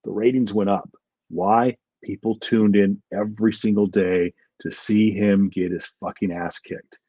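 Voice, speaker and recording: Low-voiced man ranting casually. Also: fairly even intonation, a little slow, darkish tone, slightly rough, no room sound, dull audio. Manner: rambling, heated wrestling opinions with frequent fillers. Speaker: podcast co-host. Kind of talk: casual chat.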